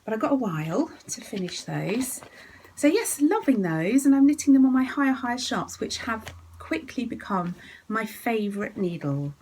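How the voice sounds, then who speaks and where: A woman hosting her knitting podcast from home, chatting and giggling, often dropping into a soft whisper. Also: a little high, big pitch swings, moderate pace, a little hiss or hum, rough recording. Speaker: podcast host. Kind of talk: casual chat about knitting.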